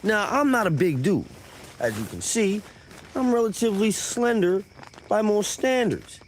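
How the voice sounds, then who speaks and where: Animated profane male storyteller. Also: sits high, unhurried, slight background noise. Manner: animated, profane, conversational asides. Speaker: storyteller on live stream. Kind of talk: profane comic tall tale.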